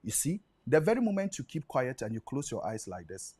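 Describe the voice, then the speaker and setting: Husky-voiced studio guest teaching patiently. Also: medium pitch, very animated, a little fast, darkish tone. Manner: patient teaching, checks understanding. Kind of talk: explaining spiritual ideas.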